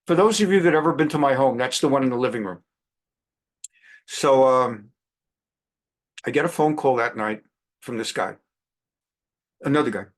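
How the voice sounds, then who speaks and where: A man in his sixties, a rabbi hosting a weekly program, telling anecdotes in a chatty, animated way with frequent restarts. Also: a little high. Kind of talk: anecdotal monologue.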